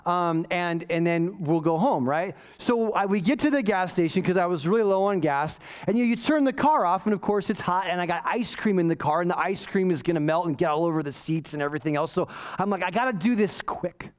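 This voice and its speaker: A pastor telling a self-mocking story in a sermon, animated and often asking "right?". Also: male voice, high-pitched, brisk, few pauses. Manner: self-mocking, waves arms while talking.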